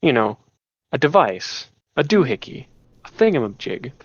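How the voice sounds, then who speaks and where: A man's voice: medium pitch, big pitch swings, normal speed, slightly rough, no room sound, muffled recording. A man narrating a tabletop game as game master, rambling with many restarts and fillers. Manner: rambling, full of "you know" and restarts.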